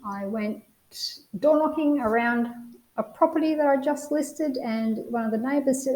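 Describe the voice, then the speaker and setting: A woman's voice: a little high, normal speed, reverberant, low-quality recording. A woman with an Australian accent giving a real estate training talk, telling anecdotes and acting out the people in them. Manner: lively storyteller, acts out the people in her stories.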